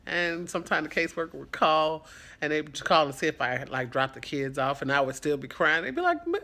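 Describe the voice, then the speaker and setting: Bright-voiced earnest man. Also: on the high side, little pitch movement, a little fast. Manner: earnest and reflective, rambling. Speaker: foster parent. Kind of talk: casual vlog talk.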